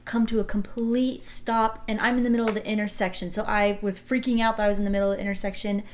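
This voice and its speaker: A young woman co-hosting a podcast, telling a story in an animated way and laughing often. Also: mid-range voice, fast, slight background noise. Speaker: podcast co-host. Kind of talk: casual chat.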